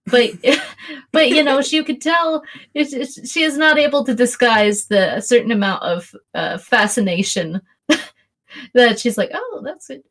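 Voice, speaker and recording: A woman runs a tabletop role-play as game master, chatting her way through the scene with frequent restarts and bursts of laughter. Her voice sits somewhat high for a woman. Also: measured pace, a bit bright.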